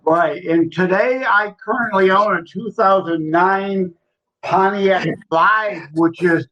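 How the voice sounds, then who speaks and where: A man's voice: sits high, takes it slowly, sharp tone, lo-fi sound. A man from Michigan co-hosting a podcast, talking earnestly and literally in casual chat. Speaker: podcast co-host.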